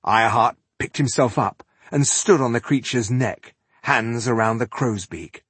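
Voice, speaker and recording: Husky guy narrating a fantasy audiobook, dramatic and measured, super dry close mic. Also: medium pitch, a bit bright, no room sound.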